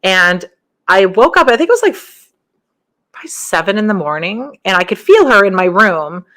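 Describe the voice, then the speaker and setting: A woman hosting a podcast, talking casually through her stories with frequent laughs and rambling asides, her voice jumping higher whenever she quotes someone. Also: big pitch swings, moderate pace, fairly bright tone. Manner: jumps up in pitch when quoting others. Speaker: podcast host. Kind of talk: casual spiritual monologue.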